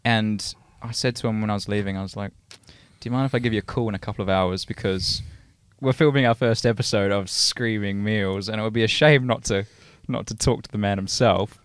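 A young man co-hosts a casual podcast, spinning loose, rambling stories about racing. His voice sits low, and it's recorded close on a dry mic with no room sound. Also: steady tone, a little fast, hardly any pauses, clear, resonant tone, dry recording. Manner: rambling, chatty storyteller. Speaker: podcast co-host and racing driver. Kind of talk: casual chat.

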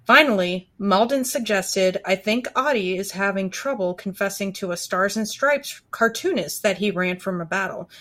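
A woman's voice: normal speed, few pauses, a bit bright. A woman co-hosting a podcast in casual book-club chat, mostly adding short agreeing replies and reading out facts. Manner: low-key, brief agreeing replies, reads out trivia. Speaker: podcast co-host.

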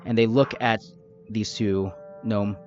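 A man's voice: fairly low pitch, steady tone, slow pace, darkish tone. Brief: male game master, casual rambling narration, dull recording with faint music underneath. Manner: casual storytelling with fillers, laughs at own jokes. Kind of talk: narrating a tabletop game backstory.

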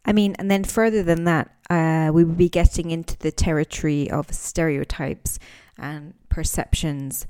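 Mellow-voiced woman teaching English, thoughtful. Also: low voice, fairly even intonation, moderate pace, hardly any pauses, smooth. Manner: thoughtful, searching for words, frequent restarts. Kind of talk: podcast lesson, unscripted talk.

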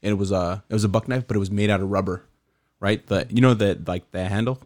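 A man's voice: on the low side, fairly even intonation, fast talker, a little mellow, no room sound, studio quality. A man hosting a podcast, asking curious questions and joking in casual chat. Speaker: podcast host.

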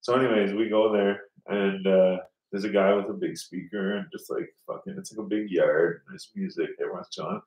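Guy telling a story among friends, loose and profane, low voice, distant roomy mic. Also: steady tone, brisk, a little mellow. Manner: rambling, swears often, acts out other people's lines in a raised voice. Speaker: storyteller in casual chat. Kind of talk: casual chat.

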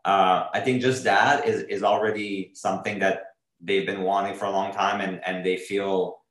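A man's voice: low-pitched, little pitch movement, normal speed, fairly bright tone. Earnest man rambling, roomy sound. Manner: rambling, many fillers and restarts, earnest. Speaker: drummer being interviewed. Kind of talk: casual interview talk.

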